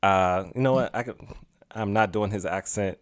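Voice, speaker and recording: A young adult man hosting a solo podcast in a casual, chatty way, laughing often and drifting between loud asides and quiet musing. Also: fairly low pitch, moderate pace, no room sound, clean studio sound. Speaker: podcast host.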